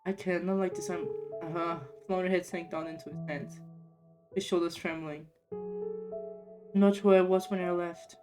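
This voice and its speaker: A woman voicing a troubled young man in a game, speaking in a subdued, halting way. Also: lowish voice, fairly even intonation, over music, close to an everyday voice. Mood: ashamed.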